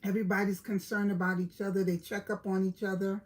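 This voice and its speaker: A woman's voice: medium pitch, little pitch movement, quick pace, a little mellow, low-quality recording. A middle-aged woman from Brooklyn with a New York accent, chatting casually with live-stream viewers, greeting them by name and laughing often.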